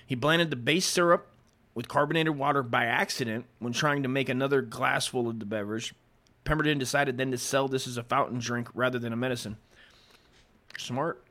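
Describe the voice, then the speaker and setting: A man's voice: medium pitch, sharp tone. A man hosting a podcast, reading history aloud and breaking off into rambling, profane asides, and he often stumbles over the written words. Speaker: podcast host.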